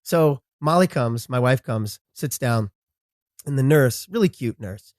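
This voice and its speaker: A man's voice: mid-range voice, lively intonation, dry recording. Man chatting on a podcast, trips over his words a lot, dry close sound. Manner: halting, restarts, stumbles over words. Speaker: podcast guest. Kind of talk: casual conversation.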